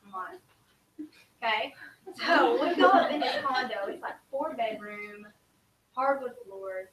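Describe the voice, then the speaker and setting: Woman telling stories, kinda high voice, roomy echo. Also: measured pace, a loud crowd. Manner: animated, acts out quoted lines. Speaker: student speaker sharing travel stories. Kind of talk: casual storytelling to a group. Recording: echoey room from a distance, faint hiss.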